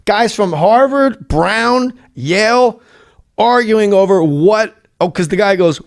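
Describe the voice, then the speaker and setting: Brief: higher-pitched male guest, excitable anecdote teller who acts out the quotes and swears freely. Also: slow pace, dry recording, clean studio sound. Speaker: guest, former comedy sketch writer. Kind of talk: animated anecdote telling in a podcast chat.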